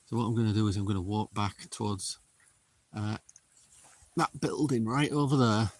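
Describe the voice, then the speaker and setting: A middle-aged man, livestreaming a paranormal investigation outdoors in a windy cemetery and calling out slowly to spirits in a hushed voice. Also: on the low side, no echo. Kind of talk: casual live commentary.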